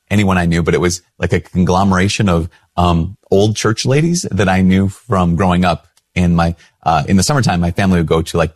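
A male priest hosts a video and tells a reflective story in a relaxed, conversational way. His voice is lowish and a little husky. He keeps questioning himself, and his pitch leaps up when he acts out other people's words. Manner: conversational and self-questioning, jumps higher when quoting others. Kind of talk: reflective storytelling talk to camera.

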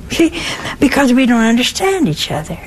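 A woman's voice: on the high side, sing-song, moderate pace, a little hiss or hum, low-quality recording. A woman, a nun, giving a spiritual talk with folksy stories and pointed rhetorical questions. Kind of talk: sermon.

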